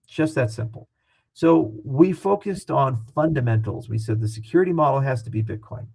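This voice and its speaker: Man, interview guest, gravelly, husky, casual, animated, profane. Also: mid-range voice, moderate pace, rough recording.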